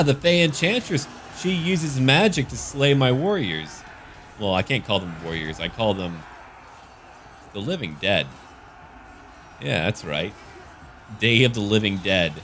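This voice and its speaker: A man's voice: on the low side, a bit bright, slight background noise. Goofy man joking over a game. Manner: goofy, jokey, slips into silly voices. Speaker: gaming YouTuber. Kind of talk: casual gameplay commentary.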